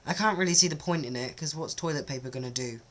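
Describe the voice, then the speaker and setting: A man's voice: on the high side, fast talker, fairly bright tone. A man talks casually to camera in a vlog, hesitant and self-conscious, with many ums. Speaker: vlogger. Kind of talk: casual accent-test vlog.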